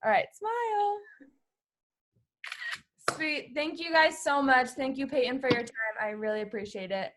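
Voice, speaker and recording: Woman hosting a video call, a bit high-pitched, gushy, says like constantly. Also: steady tone, fairly quick, hardly any pauses, background noise. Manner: gushing, heavy use of "like". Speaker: team call host. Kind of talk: casual video call chat.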